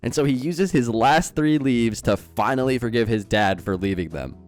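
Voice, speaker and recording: A man's voice: medium pitch, animated, normal speed, a little mellow, soft background music. A young man giving a sarcastic, incredulous film review in scripted commentary.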